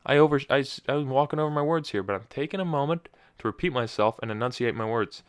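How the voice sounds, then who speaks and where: A man's voice: medium pitch, quick pace, clean tone, no echo. A young man hosting his own podcast in casual solo chat, rambling and often restarting his sentences. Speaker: podcast host.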